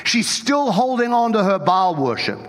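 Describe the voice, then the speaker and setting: A man with an Australian accent, the lead pastor, preaching an animated, joking sermon. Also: high voice, normal speed. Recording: long hall reverb.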